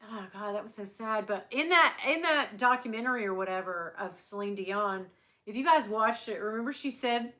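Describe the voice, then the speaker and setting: A woman's voice: mid-range voice, brisk, pushed and bright. A middle-aged woman hosting a casual livestream, chatting and rambling with her viewers and laughing often. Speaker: livestream host. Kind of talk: casual chat with live viewers.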